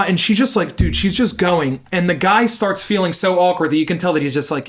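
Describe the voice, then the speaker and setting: A young man co-hosting a podcast, telling a story in casual chat, animated and swearing as he acts out what people said. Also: high-pitched, a little fast, few pauses. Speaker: podcast co-host.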